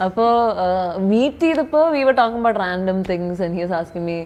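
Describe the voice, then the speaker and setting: Rapid-fire young woman. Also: medium pitch. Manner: animated storytelling, switching between English and Malayalam. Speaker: actress interviewed as guest. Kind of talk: casual chat.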